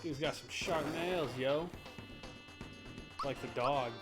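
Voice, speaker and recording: Co-host, casual game commentary, joking, slangy, slow, faint game music. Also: mid-range voice. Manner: joking, laughing often, slangy.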